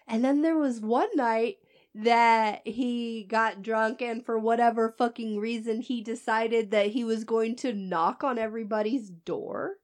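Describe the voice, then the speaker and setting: A woman with a slightly high voice tells a story at an unhurried pace. She swears freely and keeps breaking into laughter, in relaxed, casual chat.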